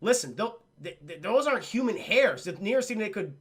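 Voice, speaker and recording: A man's voice: sits high, very animated, brisk, fairly bright tone, husky, full character voice. A man doing a worried, earnest young woman. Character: worried, sensible young woman, the scientist's girlfriend.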